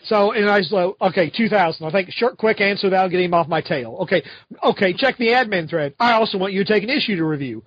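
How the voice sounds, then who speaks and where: Animated man ranting on a podcast, dry sound. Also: high-pitched, fast talker, dry recording. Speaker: podcast co-host. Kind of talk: casual podcast chat. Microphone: home podcast microphone. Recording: slightly dull lo-fi audio.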